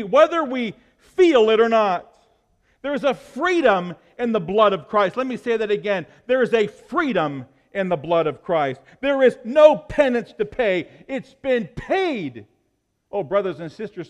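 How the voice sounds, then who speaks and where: Man, pastor, fervent sermon, loud then hushed, reverberant church hall. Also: high voice. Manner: impassioned preaching, swinging between loud and hushed.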